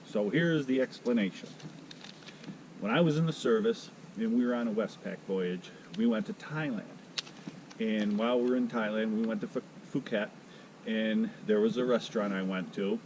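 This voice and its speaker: A man in his fifties talking at an ordinary pitch in a casual, rambling vlog. He jokes and stops to correct himself, and a faint ambience hums behind him. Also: darkish tone, a little hiss or hum, rough recording. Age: 50s. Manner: rambling, jokey, self-correcting. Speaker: vlogger.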